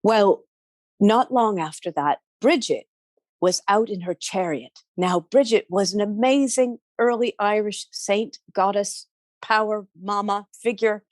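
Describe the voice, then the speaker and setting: A woman telling a folk tale, animated, with sound effects and asides to her listeners. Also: medium pitch, a little slow, dry recording. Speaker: storyteller. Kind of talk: oral folk storytelling.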